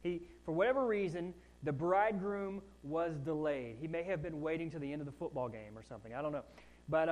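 A man's voice: fairly high pitch, a little mellow, poor audio. A man preaching a sermon in a conversational way, with asides and rising emphasis on key points. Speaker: pastor.

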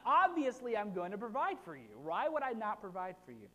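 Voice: medium pitch, very animated, brisk, fairly bright tone, pitched above the performer's own voice. A preacher voicing an exasperated, stern yet patient divine voice that scolds and reassures. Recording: long hall reverb.

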